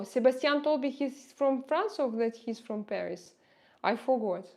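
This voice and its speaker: Woman, Russian accent, slightly high voice; relaxed livestream host chatting with viewers over a phone or laptop mic. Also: moderate pace. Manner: chatty, reads and answers viewer comments, laughs often. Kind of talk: casual livestream chat.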